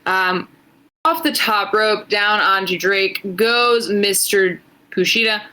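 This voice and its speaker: A woman's voice: medium pitch, slow pace, pushed and bright, poor audio. A woman co-hosting a podcast, giving a casual, swearing play-by-play recap of wrestling matches. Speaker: podcast co-host. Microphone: headphones.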